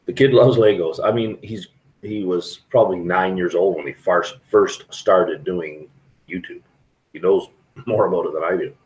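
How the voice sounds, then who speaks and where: Deep-voiced man chatting on a live stream. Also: moderate pace, darkish tone, low-quality recording. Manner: rambling, frank, chatty with viewers. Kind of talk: casual live stream chat. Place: restaurant.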